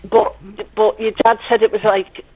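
A woman's voice: medium pitch, little pitch movement, normal speed, phone-quality sound, a little hiss or hum. Giggly woman in her sixties. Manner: giggly, chatty, rambling. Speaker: caller's mother on the phone. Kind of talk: casual phone chat.

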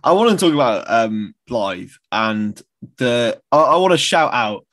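A man's voice: mid-range voice, big pitch swings, measured pace, fairly bright tone. A man co-hosting a casual football podcast, eager, asking questions with hesitant restarts. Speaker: podcast co-host.

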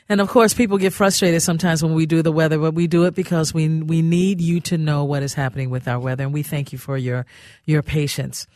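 A woman's voice: low-pitched, a little fast, a little mellow, no echo, studio quality. A woman hosting a radio talk show, chatty and effusive, often laughing. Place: radio studio.

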